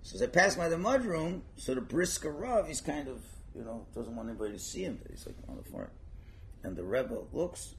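Animated man telling a story with lively pitch. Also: a little fast, slight background noise. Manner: animated, acting out characters, frequent fillers. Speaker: storyteller and teacher. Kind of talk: casual spoken storytelling lesson.

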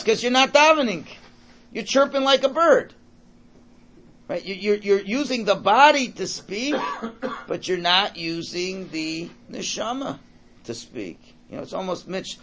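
A man teaches an informal Torah class, his voice pitched high and swinging widely. He talks conversationally, repeating words while thinking aloud and mixing in Hebrew and Yiddish terms. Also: big pitch swings, unhurried, a bit bright.

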